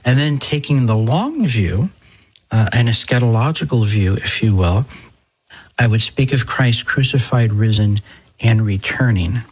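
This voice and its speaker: A middle-aged Catholic priest hosting a talk show, speaking in a conversational, digressive way with folksy exclamations. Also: male voice, medium pitch, animated, a little slow, slightly rough, rough recording. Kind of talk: podcast talk.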